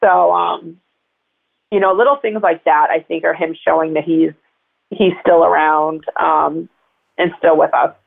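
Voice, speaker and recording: A woman's voice: sits low, steady tone, measured pace, gravelly. A woman telling personal stories as an interview guest, in a chatty, rambling way full of fillers. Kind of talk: casual interview storytelling. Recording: tinny phone line.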